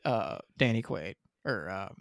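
A man's voice: low voice, lively intonation, a little slow, creaky, no room sound, clean studio sound. A man co-hosting a podcast in casual chat, quoting movie lines in put-on voices. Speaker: podcast co-host.

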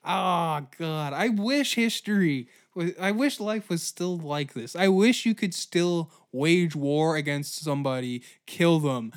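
A man's voice: on the high side, slow pace, hardly any pauses. A man hosting a comedic history podcast, riffing with profanity and frequent laughter. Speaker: podcast host.

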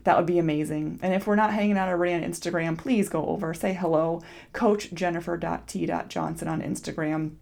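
A woman in her thirties hosts her own podcast as a mindset coach. She talks in an unscripted, encouraging way, circling back with fillers and soft asides. Her voice sits a little low, with a gravelly fry at the ends of phrases. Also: fairly even intonation, fairly quick. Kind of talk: casual solo podcast talk.

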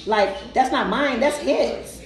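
A woman's voice: a little high, takes it slowly, reverberant, soft background music, poor audio. A woman casually telling a personal story, emphatic and colloquial, often repeating herself.

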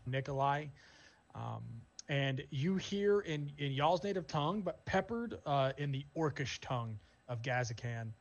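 A man narrating as game master in a tabletop role-playing game, describing scenes in a relaxed way with many fillers. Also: on the high side, a little slow, highs cut off.

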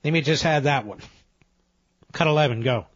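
A man's voice: fairly high pitch, moderate pace, no room sound. A man hosting a political talk radio show, speaking emphatically and combatively. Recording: dull, muffled broadcast sound.

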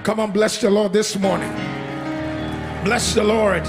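A middle-aged male pastor with a Nigerian accent preaching a fervent sermon, chanting and singing refrains and swinging from loud calls to hushed passages. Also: high voice, steady tone, measured pace, vocal fry, pauses often, over music. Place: church service.

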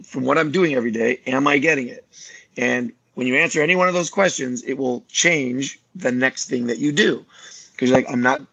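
A man's voice: medium pitch, a little fast, gravelly, slightly rough, no echo, rough recording. A man, a martial arts teacher, talking casually on a podcast and acting out other people's lines as he tells stories. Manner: animated storyteller, acts out other people's lines.

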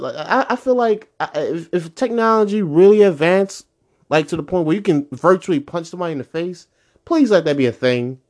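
Young male podcaster, loose and profane, spikes high when riled. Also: moderate pace. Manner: animated, profane, pitch jumps high when annoyed. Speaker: podcast host. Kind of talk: casual solo podcast rant.

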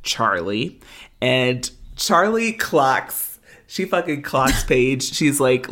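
Slow-talking woman recapping an episode. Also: very deep voice, big pitch swings, a bit bright. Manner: filler-heavy, laughs often. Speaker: podcast co-host. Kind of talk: casual recap chat.

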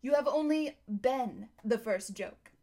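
A woman reading a storybook aloud and voicing a majestic, kindly male lion king, speaking slowly and solemnly. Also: fairly high pitch, dark tone. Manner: slow, solemn, measured delivery.

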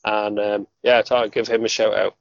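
A man's voice: fairly low pitch, level tone, brisk, vocal fry, noisy background. A man hosting a podcast, talking casually and plainly with some swearing. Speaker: podcast host. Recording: dull, dry lo-fi sound.

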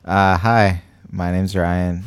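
A man's voice: sits low, flat delivery, slow pace, smooth, no echo. A man co-hosting a comics podcast, with dry, understated humor. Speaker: podcast co-host. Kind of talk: casual podcast banter.

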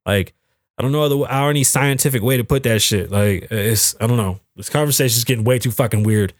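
A young man hosts a casual solo talk show, his medium-pitched voice brisk as he swears often and dramatizes quotes in animated stories. The studio-quality recording has no echo.

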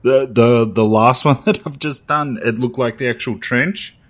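A man's voice: mid-range voice, moderate pace. A young man with an Australian accent co-hosting a podcast, talking loosely with lots of fillers. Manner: laid-back, rambling with fillers. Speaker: podcast co-host. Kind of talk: casual chat.

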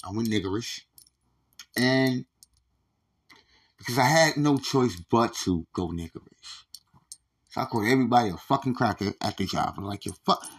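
Guy with a gravelly voice ranting on his podcast, cussing a lot, tripping over his words. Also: fairly low pitch. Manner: profane, repetitive, stammering restarts. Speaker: podcast host. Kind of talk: casual ranting monologue.

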